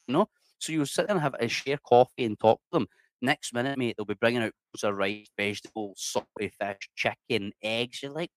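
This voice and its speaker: A man, an interview guest, chatting casually with lots of swearing and lively restarts. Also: on the low side, fairly quick, no echo. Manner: swears freely, animated, many restarts.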